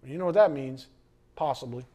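A middle-aged man preaching a sermon as pastor, animated, acting out quoted voices and sometimes shouting. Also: mid-range voice, brisk.

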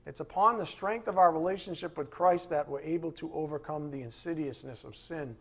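Husky guy preaching a sermon, pretty emphatic, cracks jokes at the crowd. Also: a little high, a little fast. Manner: emphatic, with joking asides to the congregation. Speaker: pastor.

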